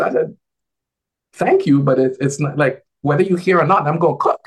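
A man talking casually as a guest on a video call, an advisor who tells animated stories and acts out the dialogue in a lifted voice. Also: fairly high pitch, normal speed, slightly rough. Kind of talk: casual conversational storytelling.

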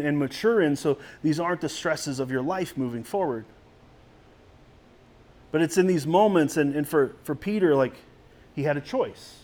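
A man's voice: a little high, darkish tone. A man preaching a sermon as a pastor in a conversational way, with frequent restarts.

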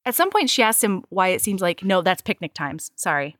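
Animated woman recapping a story, dry mic. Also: fairly low pitch, no room sound. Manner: animated, swearing, acts out lines in quick voices. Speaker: podcast co-host. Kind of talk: casual chat recapping a story.

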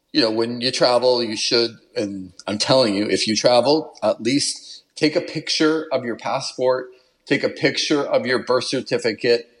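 A man who is a podcast guest, telling a travel story in an animated, casual way and laughing as he goes. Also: mid-range voice. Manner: animated, laughs while telling, puts on an Italian accent for quotes.

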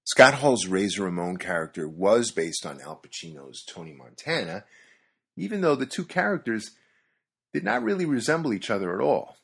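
A man with a very low, husky voice who reads a scripted monologue. His delivery is wry and conversational, with an amused edge. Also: sing-song, normal speed. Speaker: commentator.

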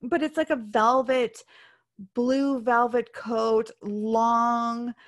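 A woman's voice: fairly high pitch, steady tone, extremely slow. A woman co-hosting a podcast, chatting casually and frankly about a movie that frustrated her. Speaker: podcast co-host. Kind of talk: casual movie review chat.

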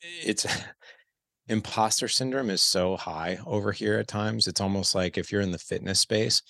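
A man's voice: on the low side, unhurried, vocal fry, sharp tone, dry recording, clean studio sound. A man in his thirties, a podcast guest, telling a candid personal story and acting out the dialogue. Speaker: podcast guest, parenting coach. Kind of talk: casual storytelling interview.

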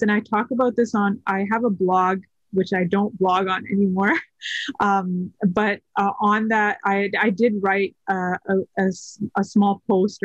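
A woman's voice: medium pitch, no echo, lo-fi sound. Hesitant woman sharing a personal story. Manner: soft-spoken, hesitant with many fillers. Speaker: podcast guest. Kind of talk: personal story in casual conversation.

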